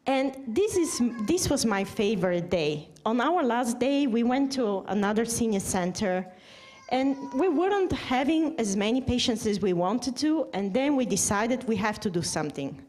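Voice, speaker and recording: Chatty woman doctor with a high voice. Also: moderate pace. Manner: chatty, animated, acts out dialogue. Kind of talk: church testimony talk.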